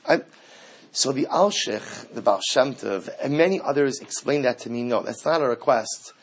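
A man delivering an impassioned sermon as a rabbi, building from quiet reflection to fervent, near-shouted pleading. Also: mid-range voice, expressive, normal speed, breathy edge.

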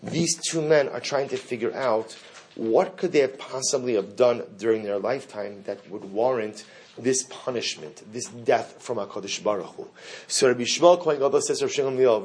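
Leading his Torah class through the text, this middle-aged teacher asks rhetorical questions and repeats important phrases to stress them. His medium-pitched, slightly mellow voice moves at a moderate pace and climbs sharply whenever he reads Hebrew or Aramaic.

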